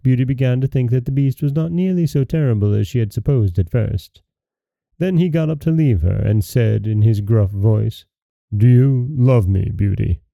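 A male podcast host reading a fairy tale in a calm, measured way. His voice is very dark and mellow with a gravelly rasp, set in a dry, close recording with no room sound. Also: mid-range voice, dry recording. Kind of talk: scripted fairy-tale narration.

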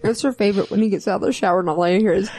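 A woman co-hosting a podcast, chatty and quick to react in casual conversation. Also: medium pitch, fairly even intonation. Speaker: podcast co-host. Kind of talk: casual chat.

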